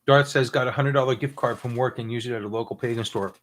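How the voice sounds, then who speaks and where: A man's voice: mid-range voice, steady tone, quick pace. A man in a mid-range voice co-hosts a live question-and-answer stream. He rambles through his answers with plenty of fillers and laughter, reading out viewer comments as he goes. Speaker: podcast co-host. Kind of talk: live Q and A chat.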